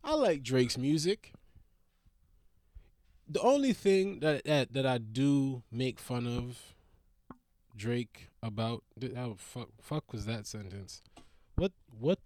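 A young man riffing in a casual comedic monologue, rambling and profane, with big jumps up in pitch when he gets worked up. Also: mellow, no room sound, studio quality. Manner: trails off into mutters.

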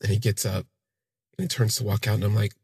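A man with a deep-leaning, very husky voice and a gravelly edge recounts his own story in the first person. He speaks in a halting, reflective way, trailing off and circling back. The sound is close and dry. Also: flat delivery, a little mellow, no echo. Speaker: podcast storyteller.

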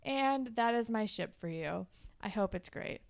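A woman's voice: medium pitch, expressive, unhurried, creaky, smooth, no room sound, clean studio sound. A woman co-hosting a podcast, casually chatting and improvising a playful story with lots of filler words. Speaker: podcast co-host.

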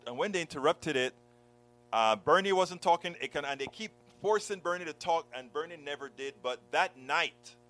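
A man's voice: a little high, lively intonation, moderate pace, pushed and bright, soft background music, low-quality recording. A blogger and speaker telling a personal story with passion, often repeating words and starting over as he acts out what people said.

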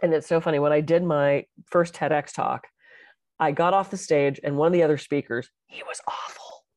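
A woman talking as a podcast co-host and speaker, animated and expressive as she tells stories in casual chat. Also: low voice, fairly quick, no room sound.

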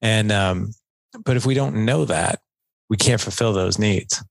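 A man talking casually as a podcast guest, a coach who explains things in a relaxed conversational way and acts out little bits of dialogue. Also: on the low side, measured pace, creaky, no room sound. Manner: conversational, filler-heavy, acts out quoted dialogue.

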